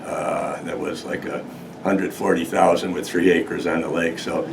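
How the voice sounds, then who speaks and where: A man's voice: sits low, fairly even intonation, unhurried, creaky. An older man presenting a local history talk, telling stories casually with many restarts and laughs. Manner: rambling, many restarts, laughs through his story. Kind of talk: casual storytelling to an audience. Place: museum meeting room with audience. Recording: distant mic, faint noise.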